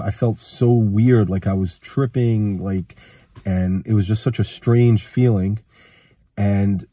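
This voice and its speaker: Fighting a cold, the man recounts a personal story casually and meanderingly, voicing the dialogue of those involved. His pitch is fairly low, warm, and husky, in a dry, studio-quality recording.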